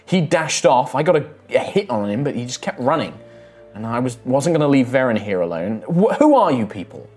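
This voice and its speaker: A man's voice: medium pitch, big pitch swings, darkish tone, soft background music, pitched above the performer's own voice, lightly acted. A man voicing a brusque teenage half-elf warrior woman who swears and speaks bluntly. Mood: defensive. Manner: blunt, swears, rapid and defensive.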